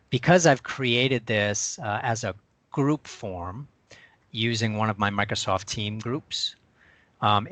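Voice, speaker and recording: A man on a video call sharing his screen and walking through a software demo step by step in a chatty way. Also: fairly low pitch, dry recording. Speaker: co-presenter.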